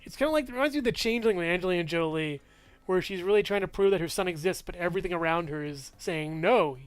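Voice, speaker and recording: High, smooth-voiced man rambling about movies. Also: fast, no room sound. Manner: rambling, full of fillers and restarts, chuckles often. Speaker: movie reviewer. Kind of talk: casual movie review vlog.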